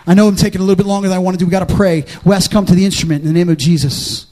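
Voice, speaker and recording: A man preaching in a church, moving from hushed storytelling to loud, fervent altar-call exhortation. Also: high-pitched, expressive, rapid-fire, hardly any pauses. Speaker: pastor. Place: church service with music behind.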